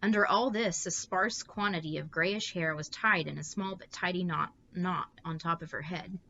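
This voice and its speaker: Lady reading a bedtime story, bright clear voice, lowish pitch, dull lo-fi audio. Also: moderate pace, slight background noise. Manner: steady, expressive read-aloud.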